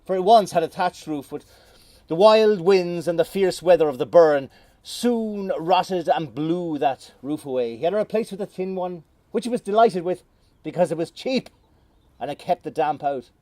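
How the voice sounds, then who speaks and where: A middle-aged Irish man telling a folk tale in a lively, playful way with dramatic pauses, outdoors. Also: high-pitched, no echo. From Ireland. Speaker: storyteller. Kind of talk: oral folk storytelling. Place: outdoors on a moor.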